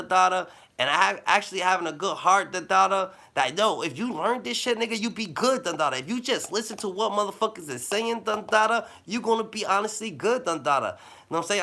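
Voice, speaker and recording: A man giving rambling motivational advice in loose slang, with a habitual "da, da, da" filler, dropping low and then bursting louder. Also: gravelly. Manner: loose slang-heavy talk with a repeated "da, da, da" filler; swings between low mumbling and loud bursts. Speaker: vlogger giving life advice.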